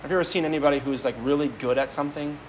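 A man's voice: fairly high pitch, fairly even intonation, very fast, slight background noise, poor audio. Man giving a conversational homily. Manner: conversational, storytelling, frequent repeated words. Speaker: Catholic priest.

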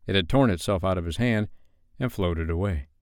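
A man narrating a classic novel as a bedtime story in a measured, gentle manner, recorded close to the mic. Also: low-pitched, no room sound.

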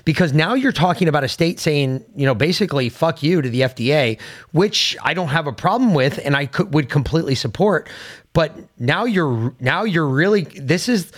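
A man's voice: on the high side, animated, moderate pace. A man co-hosting a political podcast, talking bluntly and argumentatively with frequent swearing. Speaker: podcast co-host.

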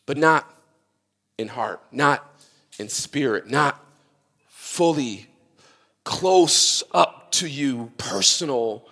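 A man preaching a sermon with passion, swinging from loud cries to hushed pleading. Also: on the high side, long reverb tail. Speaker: pastor.

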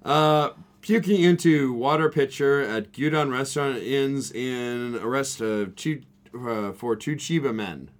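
A man's voice: medium pitch, unhurried. A man co-hosting a casual podcast, reading news stories aloud with frequent laughter and restarts. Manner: joking, laughs often, many restarts. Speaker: podcast co-host.

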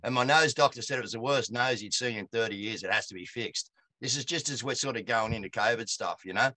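A man's voice: medium pitch, fast, no room sound. Blunt Australian man telling a yarn. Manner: blunt, colloquial, animated anecdotes. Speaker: guest. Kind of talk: casual storytelling.

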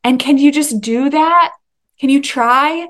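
A young woman hosting a solo faith-based podcast, talking in an excitable, emphatic way and at times laughing or tearing up. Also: sits high, slow. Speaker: podcast host.

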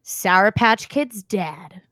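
A woman's voice: medium pitch, animated, extremely slow, fairly bright tone, dry recording, clean studio sound. A woman co-hosting a podcast in casual chat, joking and laughing often. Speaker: podcast co-host.

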